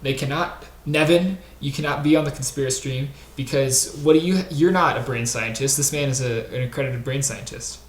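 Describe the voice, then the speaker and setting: A man's voice: medium pitch, a little fast, hardly any pauses. Brash rambling man hosting a stream. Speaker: stream host. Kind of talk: comedic conspiracy stream. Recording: roomy with faint hiss.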